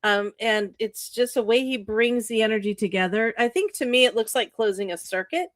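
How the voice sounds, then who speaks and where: Animated woman giving a profane pep talk. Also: fairly high pitch, normal speed, dry recording, clean studio sound. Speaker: co-host, author. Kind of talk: casual motivational chat.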